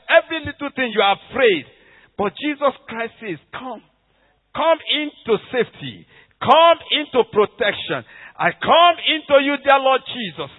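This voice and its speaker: A man preaching a sermon with fervent intensity, swinging between loud emphatic bursts and hushed prayer in a church hall. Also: extremely high pitch, expressive, normal speed. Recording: tinny phone-like sound with long hall reverb.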